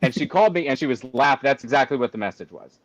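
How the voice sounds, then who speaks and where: A man's voice: medium pitch, animated, quick pace, no echo, dull audio. A man telling a story in a casual chat, ranting with exasperated exaggeration. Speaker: guest cigar company representative.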